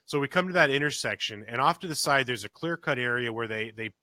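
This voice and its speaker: Animated, bright-voiced storyteller man. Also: fast talker, dry recording. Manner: animated storyteller, acts out quotes with big pitch jumps; swears casually, many restarts. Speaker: podcast co-host. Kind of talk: casual storytelling chat.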